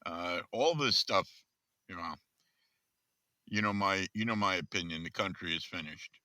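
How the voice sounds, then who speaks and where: A man's voice: sits low, a little slow, sharp tone, no room sound. A man co-hosting a casual podcast, speaking in a grave, emphatic, gloomy way. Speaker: podcast co-host. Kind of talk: casual political chat.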